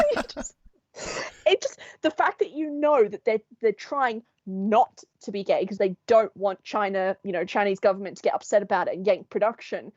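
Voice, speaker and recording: A woman co-hosting a podcast, telling a story in an animated, sweary, laughing way. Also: mid-range voice, moderate pace, dry recording. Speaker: podcast co-host. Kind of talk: casual chat. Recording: dull, dry sound.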